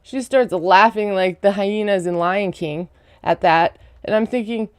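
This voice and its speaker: A woman's voice: medium pitch, unhurried, dry recording. Woman recapping a reality show, chatty and snarky, dry close sound. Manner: chatty, sarcastic asides, frequent "like". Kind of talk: casual recap commentary.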